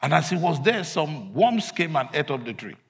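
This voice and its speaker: A man preaching a sermon, emphatic, swinging between loud declarations and quiet asides. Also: fairly high pitch, sing-song, normal speed.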